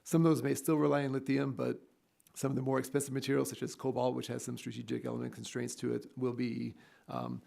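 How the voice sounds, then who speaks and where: Fast, gravelly male witness giving fluent technical testimony. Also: mid-range voice, flat delivery, darkish tone. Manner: fluent, technical, measured answers. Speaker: expert witness. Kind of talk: hearing testimony.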